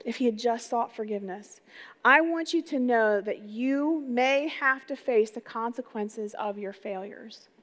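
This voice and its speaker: A middle-aged woman pastor giving an energetic, conversational sermon, often putting rhetorical questions to her congregation. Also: medium pitch. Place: church sanctuary. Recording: long reverb of a large hall.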